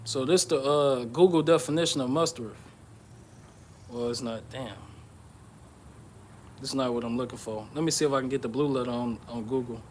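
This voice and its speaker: A man giving an informal sermon on prophecy, reading scripture aloud and explaining it, often checking in with "okay?" and "all right?" and pausing with "uh". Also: medium pitch, slight background noise. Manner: pauses with "uh" and restarts. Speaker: bible teacher.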